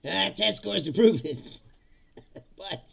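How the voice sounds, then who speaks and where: Raspy guy ranting about politics, laughs a lot, swears, voice jumps all over. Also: high voice, animated, slow, fairly bright tone, muffled recording. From United States. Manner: laughs often, swears, acts out voices of others. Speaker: host. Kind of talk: casual comedic political rant.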